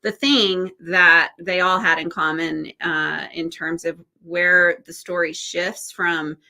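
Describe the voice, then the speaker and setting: A woman hosting a casual webinar conversation, chatty and animated, laughing easily. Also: lowish voice, slow, gravelly. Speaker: host.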